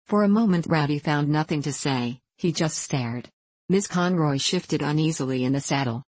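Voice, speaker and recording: A woman narrating a western novel aloud in a steady, even reading style. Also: sits low, normal speed, no echo. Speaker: audiobook narrator. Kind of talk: scripted narration.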